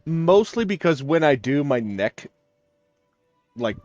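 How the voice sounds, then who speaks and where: A man narrating as game master in a tabletop game, explaining things haltingly with many fillers. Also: a little high, very animated, darkish tone, dry recording, dull audio, faint music behind.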